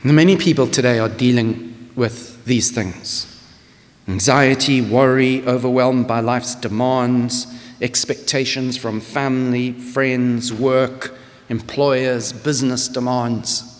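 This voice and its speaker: Scottish pastor preaching in a reverberant church. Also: male voice, medium pitch, steady tone, slow pace. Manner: earnest, tender, repeats words when starting a thought. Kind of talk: sermon. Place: church hall. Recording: long church hall reverb.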